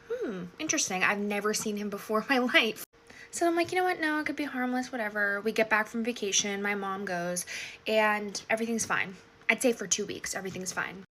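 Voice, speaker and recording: A woman's voice: medium pitch, fairly bright tone, a little hiss or hum. A young woman telling a storytime in a sassy, casual way, swearing freely and acting out her own reactions.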